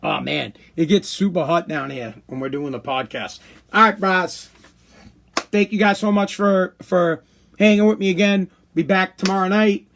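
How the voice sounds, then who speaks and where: A man's voice: sits high, normal speed, gravelly, a bit bright, slight background noise. A man hosting a podcast from a hot room downstairs, ranting in a heated, profane way and repeating himself for emphasis. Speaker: podcast host. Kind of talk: opinion rant podcast.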